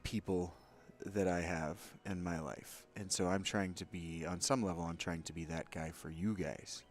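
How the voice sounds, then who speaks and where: A man with a fairly low voice talks through a game as its host, candid and opinionated. He drifts into rambling asides aimed at his viewers between moments of play. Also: fairly even intonation, normal speed. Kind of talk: gameplay commentary.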